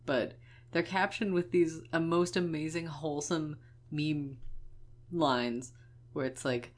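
Low-voiced young woman podcast co-host. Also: steady tone, slow pace. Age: young adult. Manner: joking, laughs often. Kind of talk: casual chat.

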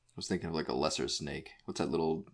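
Man, podcast co-host, very deep voice, wry, laughs often. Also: steady tone, quick pace, creaky. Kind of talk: casual chat.

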